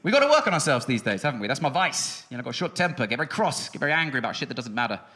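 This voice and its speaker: A man's voice: medium pitch, very animated, racing, pushed and bright. A young man doing a stand-up routine on a music hall stage, ranting with exasperation, swearing freely and dropping into muttered asides. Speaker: stand-up comedian. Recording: live show with audience noise.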